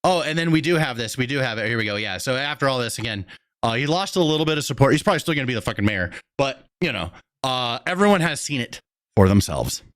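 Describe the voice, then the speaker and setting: A man's voice: mid-range voice, expressive, quick pace, a bit bright. A man hosting a reaction stream, giving blunt, profane running commentary.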